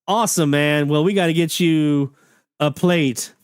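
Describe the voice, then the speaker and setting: A man's voice: fairly high pitch, unhurried, slight background noise. A man hosting a live radio hobby stream, chatting enthusiastically and reading out listener messages in a folksy way. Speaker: radio hobby show host. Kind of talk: live-stream casual chat.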